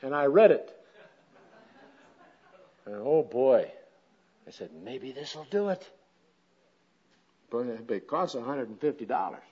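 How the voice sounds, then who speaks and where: A man telling a homespun story as part of a sermon, chatty and plain, breaking into loud animated exclamations. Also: mid-range voice, slow, pauses often, husky. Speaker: speaker at a women's gathering. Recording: dull lo-fi recording.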